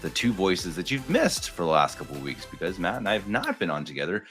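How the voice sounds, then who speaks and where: A deep-voiced man opens a casual podcast in a friendly, easygoing way, stumbling and restarting now and then. His pitch moves a lot from phrase to phrase. Faint music plays behind him. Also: sing-song, quick pace, fairly bright tone. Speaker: podcast co-host. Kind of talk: casual chat.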